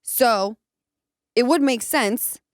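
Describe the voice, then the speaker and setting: A woman in her thirties hosts a casual podcast, telling a story and putting on other people's voices as she goes. Her voice is smooth and clear, at a middle pitch, and it sits close in a dry room. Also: extremely slow, no echo. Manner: animated storytelling, acts out quotes. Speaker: podcast host.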